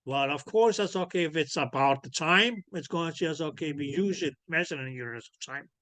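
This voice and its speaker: A man teaching ultrasound physics in an online lecture over a computer microphone. He keeps checking whether students follow by asking "clear?", and he fills his sentences with "okay, yes". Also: fairly high pitch, normal speed, fairly bright tone, no echo. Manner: peppers speech with filler "okay, yes". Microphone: computer mic on a video call.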